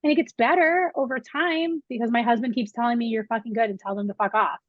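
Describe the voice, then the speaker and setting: A woman's voice: fairly high pitch, quick pace, no echo. A young woman, a film school professor, talking candidly and animatedly in an interview, with casual swearing. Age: young adult. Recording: dull, dry recording.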